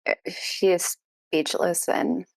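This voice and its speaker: A woman player in a tabletop game, speaking hesitantly with many pauses. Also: no echo. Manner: hesitant, full of pauses and fillers. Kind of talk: casual in-character play.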